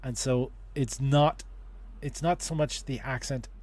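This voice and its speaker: A man's voice: medium pitch, steady tone, measured pace, a little mellow. A man hosting a casual livestream advice chat, talking in a rambling way with many restarts and fillers. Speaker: host.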